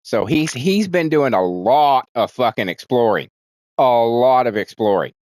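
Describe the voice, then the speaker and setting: A man in a mid-range voice talks through a movie's plot in a loose, rambling way, swearing freely and restarting his sentences. When he quotes characters, his voice jumps up and gets more animated. The sound is dry and close, with no room echo. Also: mid-range voice, unhurried. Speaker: movie reviewer. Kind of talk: casual spoken movie recap.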